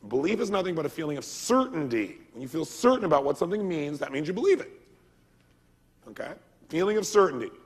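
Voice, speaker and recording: Motivational speaker, male, gravelly and slightly high voice, energetic call-and-response delivery, long hall reverb. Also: fast. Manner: energetic, quizzes the audience with call-and-response questions. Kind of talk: seminar lecture to a live audience.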